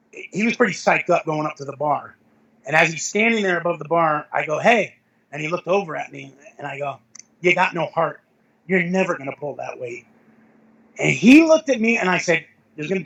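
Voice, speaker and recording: A middle-aged man with a breathy, husky voice, pitched a bit high for a man. He tells rambling anecdotes as an interview guest, correcting himself often and chuckling. The talk is casual and conversational. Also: animated, fairly quick, fairly bright tone, highs cut off. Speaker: interview guest, veteran powerlifter.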